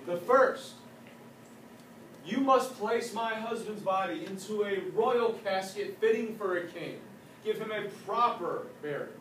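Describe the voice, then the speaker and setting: A man's voice: sits high, unhurried, fairly bright tone, slight background noise. A man voicing a grieving young wife. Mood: firm. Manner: earnest, pleading. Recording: echoey room from a distance.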